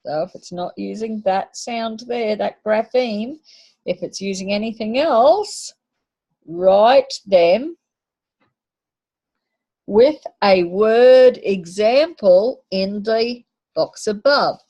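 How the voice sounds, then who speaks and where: A woman's voice: medium pitch, slow pace, warm tone. A woman teacher giving a patient phonics lesson to young children, sounding out letters and words.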